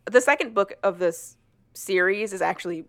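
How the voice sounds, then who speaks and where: A woman's voice: mid-range voice, moderate pace. A woman co-hosting a casual chat, retelling a book's plot in a chatty way and acting out the characters' lines. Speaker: podcast co-host. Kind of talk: casual chat recapping a book.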